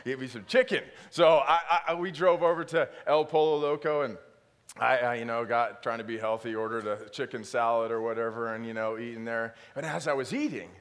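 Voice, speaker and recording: Animated man preaching in a reverberant hall. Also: medium pitch. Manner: animated, self-deprecating, swings into loud exaggerated outbursts. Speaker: pastor. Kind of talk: sermon with personal storytelling.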